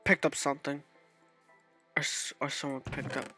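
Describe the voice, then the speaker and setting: Bright-voiced jumpy gaming guy. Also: mid-range voice, normal speed, faint music behind. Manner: excitable self-talk with sudden startled outbursts. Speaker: gaming channel host. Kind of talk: casual gameplay commentary.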